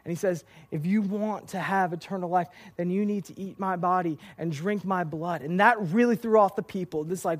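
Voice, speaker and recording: A man's voice: high voice, moderate pace, few pauses. A young man preaching a casual youth sermon, telling stories with lots of filler words. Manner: lively storytelling with filler words. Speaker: youth pastor.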